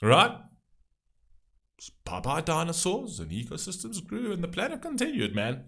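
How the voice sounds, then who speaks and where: A man's voice: fairly high pitch, wildly swooping pitch, normal speed, creaky, fairly bright tone, husky. A man hosting a reaction video, ranting passionately about the topics the music raises. He swears often and keeps asking rhetorical questions.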